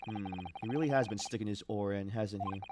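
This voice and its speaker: A man voicing a calm, measured young male lawyer in a video game, speaking low and quiet. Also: noisy background, natural voice.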